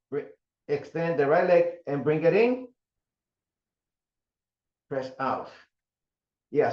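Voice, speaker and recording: Older male fitness instructor, slow counted cues, roomy dull recording at home. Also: a little high. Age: 70s. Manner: counting reps slowly with calm cues. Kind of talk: guided mat exercise class.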